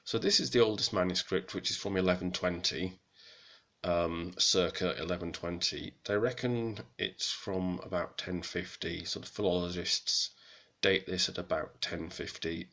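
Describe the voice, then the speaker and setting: A man giving a casual, hesitant lesson on an old text, with many pauses and self-corrections. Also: low voice, fairly even intonation, fairly bright tone. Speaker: hobbyist presenter of Old French texts.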